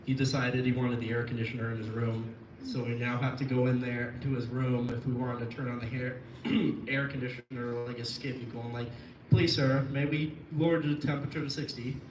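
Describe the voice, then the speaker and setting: A man's voice: medium pitch, flat delivery, a little fast. A young man from Florida doing a rambling, profane stand-up set who loses his train of thought at times. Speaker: stand-up comedian. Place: live comedy venue. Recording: echoey room, mic at a distance, noisy.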